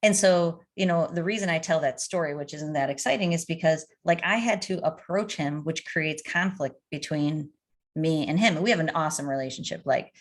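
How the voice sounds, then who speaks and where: Lively middle-aged woman telling stories. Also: low-pitched, a little fast. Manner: animated, storytelling with anecdotes. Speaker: addiction coach. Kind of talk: conversational interview answers.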